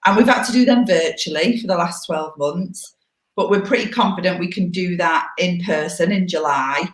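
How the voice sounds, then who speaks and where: A woman in her forties with a fairly low voice, speaking at normal speed, co-hosts a casual live chat over a video call. She comes across as candid and teasing, and the call picks up an echoey room.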